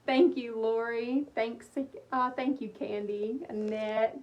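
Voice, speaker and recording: A woman's voice: a little high, steady tone, slow pace, a little mellow, muffled recording. A woman in her thirties from East Texas with a Texan accent, chatting casually and thanking viewers by name while she crafts on a livestream. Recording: echoey room, mic at a distance, faint hum.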